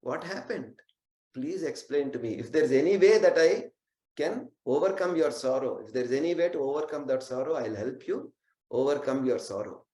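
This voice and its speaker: A man's voice: medium pitch, normal speed, mellow, lightly acted. A man voicing a noble queen mother who kindly asks about a family's sorrow and offers help. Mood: concerned. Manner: concerned, kind questioning. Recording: roomy echo.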